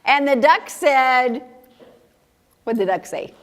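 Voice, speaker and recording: A woman's voice: high-pitched, expressive, takes it slowly. A woman reading picture books aloud to a group of young children, playful and sing-song, asking them questions and laughing often. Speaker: children's story time reader.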